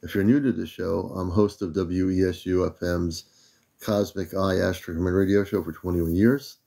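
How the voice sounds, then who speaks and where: Older man, American, very low voice, mellow dark tone, relaxed livestream host, greets viewers by name. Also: moderate pace, creaky. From United States.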